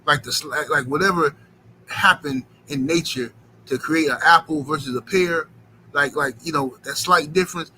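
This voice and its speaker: A man's voice: fairly high pitch, bright, forceful tone, a little hiss or hum, poor audio. A man hosting a boxing livestream, rambling in slangy casual chat and filling it with "you know what I'm saying.".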